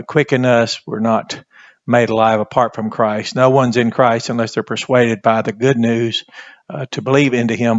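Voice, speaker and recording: A man teaching a Bible language class, speaking haltingly and repeating words as he writes on a board. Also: medium pitch, no room sound, highs cut off. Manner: slow, halting, repeats words while writing. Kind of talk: classroom lesson at a whiteboard.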